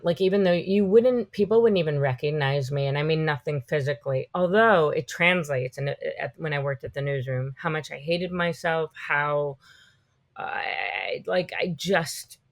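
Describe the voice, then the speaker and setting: A woman's voice: deep voice, measured pace. Chatty woman telling rambling stories. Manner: animated, rambling storytelling full of "like". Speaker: podcast guest. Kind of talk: casual interview chat.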